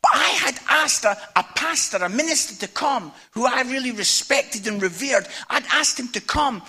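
A middle-aged man tells comic stories in a sermon, voice pitched high for a man and very bright and cutting. There is a husky rasp under it, and he keeps throwing in punchy asides to the crowd. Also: lively intonation, normal speed. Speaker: evangelist preacher. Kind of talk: humorous storytelling sermon.

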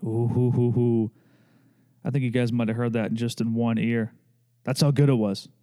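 A man's voice: medium pitch, level tone, normal speed, dark tone, clear, resonant tone. A young man hosting a podcast, chatting loosely and joking, with many fillers and tangents. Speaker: podcast host. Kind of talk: casual chat.

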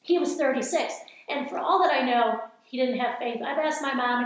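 A woman's voice: high-pitched, moderate pace. Passionate woman preacher in an echoey room. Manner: passionate, earnest, exhorting. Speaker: speaker. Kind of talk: evangelical teaching talk.

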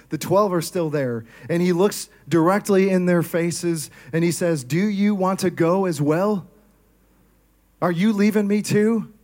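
High-voiced man preaching a sermon. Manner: energetic, asks the crowd questions. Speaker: pastor.

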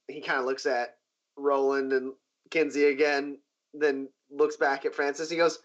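A man's voice: medium pitch, little pitch movement, normal speed. A man narrating as game master in a loose way with many fillers. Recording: dull lo-fi recording.

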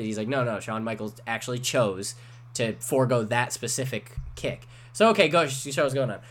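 A man in a casual podcast chat, telling a story with animated energy and swearing freely. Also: mid-range voice, fairly quick.

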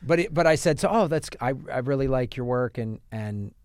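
A man's voice: medium pitch, lively intonation, brisk, a little mellow, clear, resonant tone. A man co-hosting a podcast, chatting casually about films and telling rambling stories with many restarts. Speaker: podcast co-host. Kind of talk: casual film chat.

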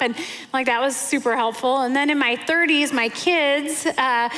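Woman, 40s, sermon speaker; high-pitched, chatty, self-mocking; long church-hall reverb. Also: steady tone, moderate pace, pushed and bright. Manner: chatty, self-deprecating storytelling with many fillers. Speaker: pastor's wife preaching.

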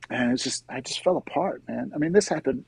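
A middle-aged man, a guest in an interview, earnestly telling his personal faith story in a soft-spoken, conversational way. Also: mid-range voice, fairly quick, creaky, breathy edge, dry recording, low-quality recording.

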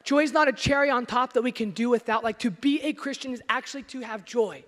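A man preaching a sermon as pastor, energetic and joking with his listeners, shouting some words for emphasis. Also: very high voice, quick pace, long reverb tail.

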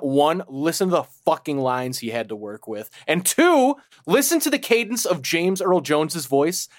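A man's voice: mid-range voice, no echo, studio quality. A man co-hosting a podcast in casual chat, blunt and emphatic, prone to profane rants. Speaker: podcast co-host.

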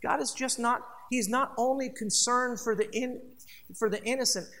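A bright, forward-sounding pastor in the middle of a sermon. The delivery is emphatic yet conversational, piling up repeated phrases and turning to speak directly to the congregation. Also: mid-range voice, steady tone, normal speed.

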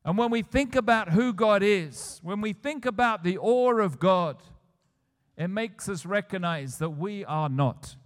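A man's voice: high-pitched, expressive, measured pace. A man preaching a sermon, retelling scripture scenes and building to emphatic declarations. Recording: long church hall reverb.

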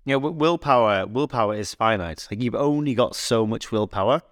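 A male fitness coach co-hosting a casual podcast, chatting in an animated, rambling way full of anecdotes and restarts. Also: medium pitch, fairly quick, no room sound, clean studio sound.

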